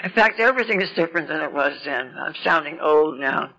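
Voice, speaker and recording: A woman's voice: sits low, expressive, fairly quick, vocal fry, crowd noise. A woman in her eighties telling her recovery story at a meeting, rambling and self-mocking, with wry asides. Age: 80s. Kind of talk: personal recovery story talk. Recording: lo-fi 1990s meeting tape.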